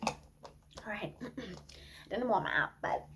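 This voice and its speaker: A woman's voice: mid-range voice, expressive, drawn-out words, bright, forceful tone, whispered, heavily acted. A woman voicing a vain, dramatic young female influencer who thinks she can sing, talking in a self-absorbed, giggly way. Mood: defensive. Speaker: improv comedian. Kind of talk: improvised comedy podcast.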